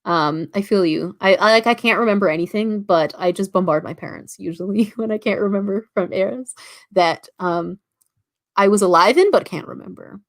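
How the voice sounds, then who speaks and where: A woman's voice: medium pitch, normal speed. Young Canadian woman chatting on a livestream. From Toronto, Canada. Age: about 19. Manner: chatty, many fillers and likes, reads chat comments aloud. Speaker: writing livestream host. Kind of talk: casual livestream chat reading comments.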